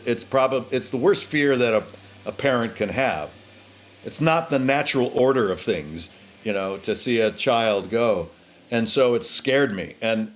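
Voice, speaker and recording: Earnest reflective middle-aged man. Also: on the low side. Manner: earnest, reflective, with halting restarts. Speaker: guest actor. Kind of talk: casual interview chat.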